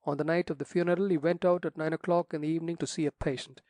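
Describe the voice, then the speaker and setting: A man's voice: a little high, steady tone, rapid-fire, a little mellow, dry recording, natural voice. A man voicing a fussy, flustered elderly country rector who exclaims and frets.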